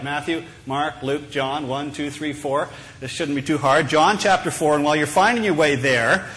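Guy preaching a sermon, chatty and joking, kinda high voice. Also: fairly bright tone, slight background noise. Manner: conversational, humorous storytelling. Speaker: pastor.

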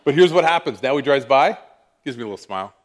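Guy preaching, telling a funny story on himself, animated, jumps around a lot. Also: medium pitch, fast. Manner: animated, self-mocking storyteller. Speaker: pastor. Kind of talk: sermon storytelling.

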